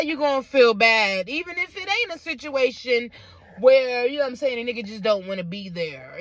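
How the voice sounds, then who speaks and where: A woman's voice: a little high, animated, a little fast, no room sound. A woman telling a personal story on her vlog, emphatic and blunt, with frequent asides to her viewers. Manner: blunt and profane. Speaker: vlogger.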